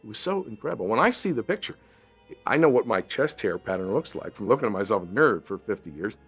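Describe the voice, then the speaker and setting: Very deep-voiced older actor recalling. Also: male voice, big pitch swings, fast talker, fairly bright tone, husky, soft background music. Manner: reflective, stammering restarts. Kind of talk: anecdotal interview.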